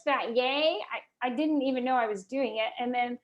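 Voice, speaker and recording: High-pitched woman guest, real estate radio host, animated storyteller. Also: moderate pace.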